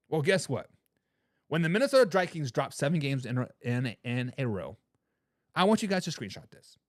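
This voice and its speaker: Reading live chat comments, this male host of a sports talk show mocks and trash-talks the fans in a rant, repeating words once he gets fired up. His voice sits on the high side and is sing-song, at a moderate pace. The recording is clean studio sound without echo.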